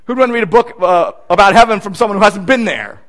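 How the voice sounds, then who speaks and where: A baffled bookstore customer, as a male pastor puts him on in a sermon joke. He speaks in a quieter, offhand tone that still sits fairly high. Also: fast. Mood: puzzled.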